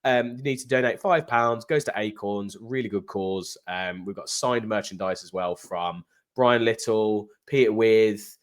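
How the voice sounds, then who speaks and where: A man's voice: on the low side, unhurried. An English man co-hosting a football fan channel, upbeat and jokey in casual chat.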